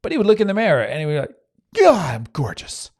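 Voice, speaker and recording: A man with a high, sing-song voice talks very fast as the host of a motivational podcast, speaking earnestly as a self-help speaker. He often restarts sentences, addresses listeners in asides, and sometimes acts out inner voices, on a dry, studio-quality recording.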